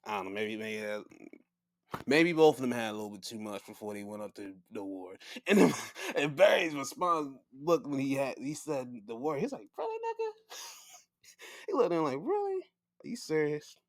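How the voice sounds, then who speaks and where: Animated, slangy man, lively pitch. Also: moderate pace, dry recording, studio quality. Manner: animated, laughing, slangy, profane. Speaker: podcast host. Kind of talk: casual solo sports talk.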